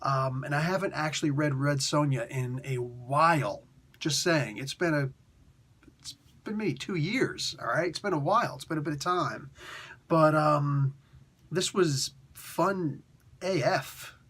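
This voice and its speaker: A man's voice: on the high side, unhurried, fairly bright tone, husky. A man casually reviewing a comic book in a laid-back, slangy, rambling way.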